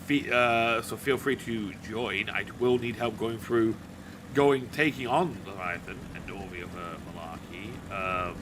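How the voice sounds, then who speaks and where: A man's voice: on the low side, measured pace, background noise. A man live-streaming a game, joking and rambling as he plays. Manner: jokey, rambling, self-correcting. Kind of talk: casual live-stream gaming commentary.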